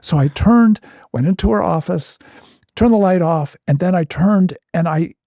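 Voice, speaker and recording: A man, a therapist appearing as a guest, telling a personal story in a vivid, animated and self-mocking way. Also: high voice, moderate pace, creaky, dry recording, clean studio sound.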